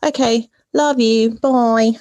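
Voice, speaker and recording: A woman caller telling a story casually, halting with fillers. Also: a little high, fairly even intonation, dark tone, dry recording, clean studio sound. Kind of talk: phone-in story.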